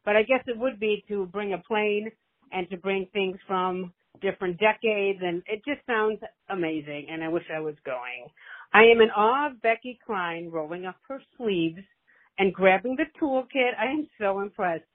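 A woman's voice comes through a tinny, narrow phone line as she leaves a voicemail. She gushes and rambles warmly, like a doting mother. Her pitch sits in a middle register. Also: lively intonation, moderate pace. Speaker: caller leaving a voicemail. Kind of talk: affectionate voicemail message.

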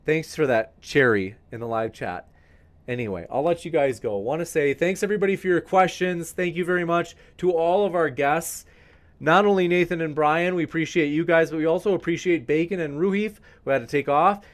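Male live-stream host, enthusiastic and rambling, fairly high voice. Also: a little fast. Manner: enthusiastic, rambling, addresses viewers as folks. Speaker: debate show host.

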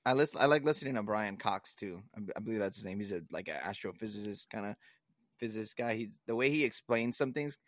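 A man's voice: fairly low pitch, fast talker, dry recording, clean studio sound. A young man co-hosting a podcast in casual chat, rambling and swearing often, laughing at his own stories. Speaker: podcast co-host.

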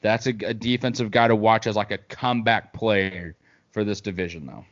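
A man's voice: lowish voice, normal speed, highs cut off. A man co-hosting a casual sports talk show, rambling through football picks with plenty of fillers. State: hiccups. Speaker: podcast co-host.

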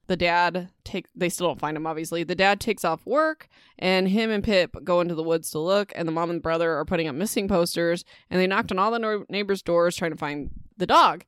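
Young woman, podcast host, casual book recap, chatty, filler-heavy, lowish smooth voice, dry close sound. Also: dry recording. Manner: chatty, lots of "like", emotional asides.

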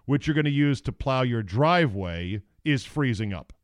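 A man's voice: mid-range voice, animated, moderate pace, dry recording, clean studio sound. A man hosting a podcast, talking casually in a blunt, crude, jokey way. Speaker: podcast host. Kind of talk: casual opinionated podcast talk.

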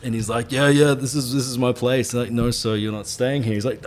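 A man's voice: mid-range voice, steady tone, fairly quick, few pauses, a little mellow. A man co-hosting a podcast, telling rambling, sweary anecdotes and laughing often. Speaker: podcast co-host. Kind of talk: casual storytelling chat.

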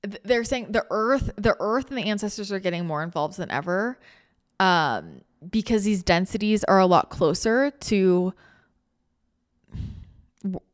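A woman hosting a spiritual podcast, chatting casually in a rambling, animated way, full of restarts, laughter and casual swearing. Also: medium pitch, a little slow. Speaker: spiritual channeler and podcast host.

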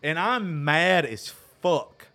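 Host, male, crude animated storyteller, slightly high voice, casual banter. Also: slow.

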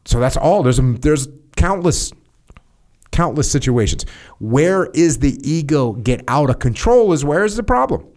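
A man's voice: a little high, sing-song, a little slow, darkish tone. A man hosting a podcast, talking casually and acting out short quoted exchanges to make his points. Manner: plain-spoken, acts out short quoted dialogues. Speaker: podcast host.

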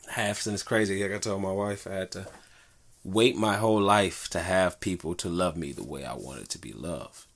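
Sex: man. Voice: gravelly, very low. Style: rambling casual monologue. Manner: rambling, profane, laid-back storytelling. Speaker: father. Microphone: good microphone.

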